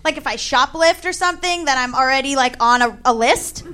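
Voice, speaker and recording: A young adult woman doing stand-up, telling a comic story with animated asides and acted-out voices. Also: high-pitched, a little fast. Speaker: stand-up comedian.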